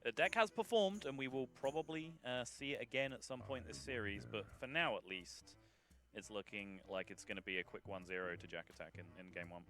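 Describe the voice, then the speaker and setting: Man, esports caster, live commentary, bright forceful voice, faint music under. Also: fairly low pitch, a little fast. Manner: chatty, laughs often.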